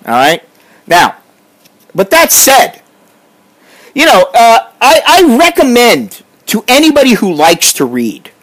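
A man's voice: very high-pitched, huge pitch swings, slow, pauses often, fairly bright tone, low-quality recording. A middle-aged man from the United States, ranting in a profane, combative vlog monologue. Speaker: vlogger.

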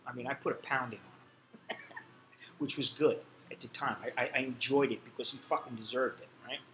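A man's voice: medium pitch, steady tone, a little fast, fairly bright tone, a little hiss or hum, low-quality recording. A middle-aged man telling a personal story in a casual, blunt and profane way, full of fillers. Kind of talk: casual spoken anecdote.

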